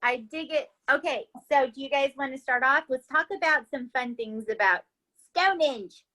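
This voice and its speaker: A woman from the United States hosting a casual podcast, enthusiastic and quick to laugh. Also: high-pitched, sharp tone, low-quality recording. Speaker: podcast host.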